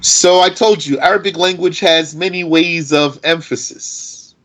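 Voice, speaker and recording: A man teaching an informal Arabic grammar lesson in a slightly high voice. He talks slowly and deliberately, reciting a line of Arabic and then explaining it piece by piece in English. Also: fairly even intonation, fairly bright tone, rough recording.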